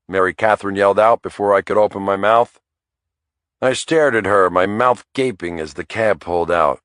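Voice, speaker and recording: A man narrating a thriller audiobook in the first person, in a wry, measured storytelling manner. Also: low voice, steady tone, fairly bright tone, smooth, no echo, clean studio sound.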